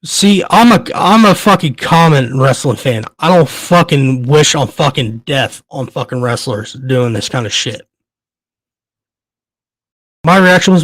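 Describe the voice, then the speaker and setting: A man's voice: a little high, expressive, unhurried, a bit bright, no echo. A man, hosting a podcast, ranting in anger, swearing hard and stumbling over repeated words, shaking with rage. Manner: profane, heated, stammering. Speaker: podcast host. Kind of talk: angry ranting commentary.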